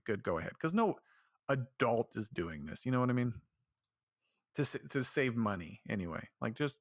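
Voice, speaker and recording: A man's voice: mid-range voice, a bit bright, dry recording, clean studio sound. Rambling, ranting male podcast host. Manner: rambling, ranting, many restarts. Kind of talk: casual solo commentary.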